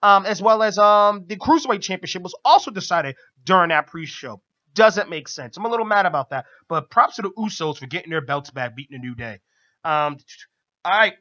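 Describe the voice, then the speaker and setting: A man co-hosting a radio show, recapping wrestling in casual chat with excitement and laughter, loudly acting out quotes. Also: brisk, muffled recording. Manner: excited, laughing, acts out quotes in loud high voice.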